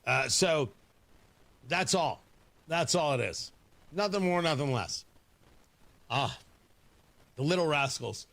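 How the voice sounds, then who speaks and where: A man's voice: a little high, lively intonation, slow, vocal fry, long pauses, a bit bright. A man hosting a morning radio show, joking and rambling in a casual way. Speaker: radio host.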